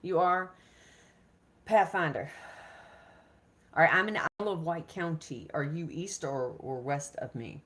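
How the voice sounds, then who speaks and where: A woman's voice: low-pitched, measured pace, long pauses, a bit bright. A middle-aged woman, hosting a casual live stream from her kitchen, chatty and talking herself through her nerves. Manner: nervous, chatty, talks herself through worry. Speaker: homestead vlogger, live stream host. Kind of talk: casual live chat with viewers. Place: home kitchen.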